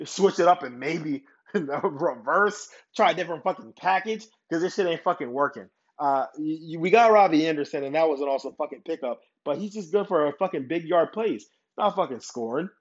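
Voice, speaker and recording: A young man hosting a football podcast, ranting heatedly with constant swearing. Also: on the high side. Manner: profane, heated and worked up. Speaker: podcast host. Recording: dull lo-fi recording.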